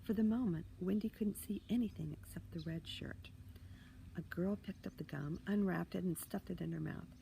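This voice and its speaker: A woman author reading a children's chapter book aloud, expressive with hushed asides. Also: lowish voice, normal speed, creaky, a little hiss or hum, low-quality recording. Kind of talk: storybook reading.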